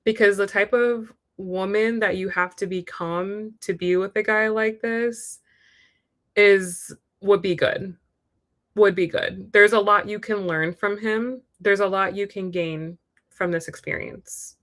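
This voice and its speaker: A young woman reads tarot live for a viewer, talking frankly in a loose, chatty way. She keeps slipping into quick acted-out lines of what a partner might say. Her voice sits in an ordinary middle pitch. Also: steady tone, fairly bright tone. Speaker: tarot reader. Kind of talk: live-stream tarot reading.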